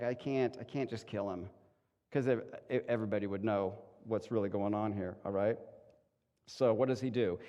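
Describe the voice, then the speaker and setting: Casual male pastor in a reverberant hall. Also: fairly low pitch. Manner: casual and animated, acting out quick voices. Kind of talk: conversational sermon. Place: church sanctuary.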